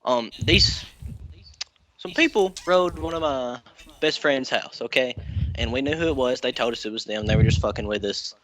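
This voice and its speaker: A young man with a bright, sharp voice tears through a prank story at speed, cursing freely and piling on the details. His pitch is ordinary and his energy is high. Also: low-quality recording. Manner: fast, swearing, excitable. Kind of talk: casual storytelling.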